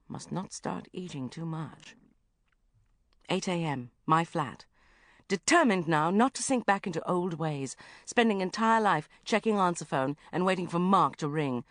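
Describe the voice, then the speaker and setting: Animated woman narrating a comic diary. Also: medium pitch, no room sound, studio quality. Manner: animated, breathless exasperation, flat asides. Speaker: audiobook narrator.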